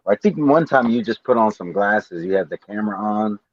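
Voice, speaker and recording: A man's voice: lowish voice, fairly quick, muffled recording, over a noisy crowd. A man co-hosting a boxing talk show, chatting casually and restarting his sentences while he thinks. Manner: relaxed, trails off and repeats himself while thinking. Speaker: podcast co-host. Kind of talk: casual chat.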